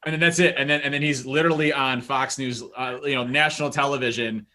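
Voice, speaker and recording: A man's voice: medium pitch, fairly even intonation, quick pace, bright, forceful tone. A man on a video call telling a story in a casual, amused way that rambles with many restarts. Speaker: guest.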